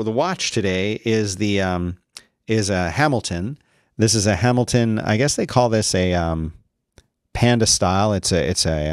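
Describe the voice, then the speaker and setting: A man's voice: lowish voice, no echo, clean studio sound. A man hosting a casual solo podcast, rambling with sarcastic, mock-outraged complaints. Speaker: podcast host.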